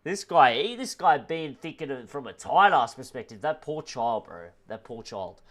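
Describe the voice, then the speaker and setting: A man streaming live reaction commentary, excitable, with laughing asides. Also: mid-range voice, moderate pace.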